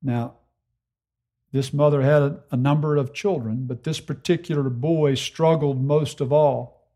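A man preaching an expository sermon, earnest and emphatic, slowing down to repeat key phrases for weight. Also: on the high side, fairly even intonation, dark tone.

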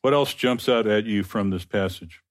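A man's voice: lowish voice, moderate pace. A man leading a Bible study discussion, affirming and encouraging the group.

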